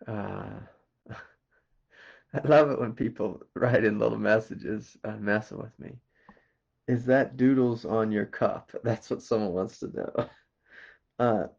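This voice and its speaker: A man from Kentucky with a Southern accent, a spiritual teacher giving a slow, meditative satsang talk and asking quiet questions between soft laughs. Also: on the low side, gravelly, husky, highs cut off. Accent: Southern American. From Kentucky, USA.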